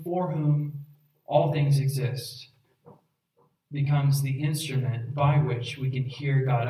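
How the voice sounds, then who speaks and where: A man's voice: medium pitch, dark tone, recorded from a distance. Earnest preaching man in an echoey room. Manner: earnest, emphatic preaching with repeated "right?". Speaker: pastor. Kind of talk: sermon.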